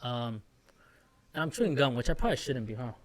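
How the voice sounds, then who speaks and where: A young man with an everyday mid-pitched voice rambles through a solo podcast episode. He swears freely and mocks himself as he goes. He is recording in a small office room. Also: very animated, rapid-fire. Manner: rambling, profane, self-mocking. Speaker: podcast host. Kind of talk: casual solo rant. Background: music playing softly.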